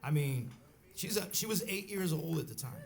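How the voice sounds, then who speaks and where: A middle-aged bandleader telling a rambling story on stage at a live club, with many restarts and acted quotes. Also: male voice, fairly high pitch, expressive, normal speed. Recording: live club recording with faint crowd noise.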